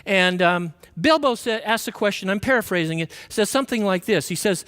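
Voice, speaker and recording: A man giving a conversational Sunday sermon, asking the congregation questions and acting out quoted voices with big swings in pitch. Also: animated, a little fast, few pauses, fairly bright tone, smooth. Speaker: minister giving a Sunday talk. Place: church sanctuary. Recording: long reverb of a worship hall.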